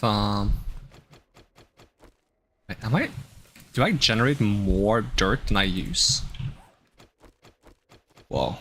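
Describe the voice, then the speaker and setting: A man's voice: lowish voice, bright, forceful tone, a little hiss or hum. A man streaming a game, thinking aloud in casual, rambling chat with many fillers.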